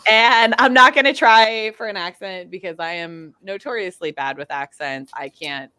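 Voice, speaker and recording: A woman's voice: medium pitch, normal speed, pushed and bright, smooth, no echo, studio quality. A woman guest in casual fan chat, bubbly and rambling, with lots of fillers.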